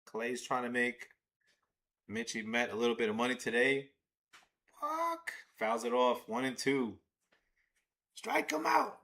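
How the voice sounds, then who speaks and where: Male streamer, bright edgy voice, excitable and profane, live watch-along commentary. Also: mid-range voice, a little slow, pauses often. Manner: excitable, swears, talks to chat. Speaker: livestream host.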